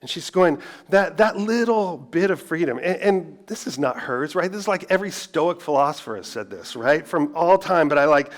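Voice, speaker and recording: A man's voice: fairly high pitch, expressive, normal speed, few pauses. A middle-aged man preaching a sermon as pastor, in a conversational way, full of rhetorical questions and self-deprecating asides.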